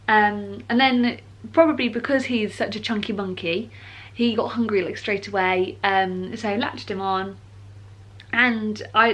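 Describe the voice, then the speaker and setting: A British woman telling her birth story in a casual vlog. She rambles warmly with lots of ums and likes, a little emotional and teary. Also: mid-range voice.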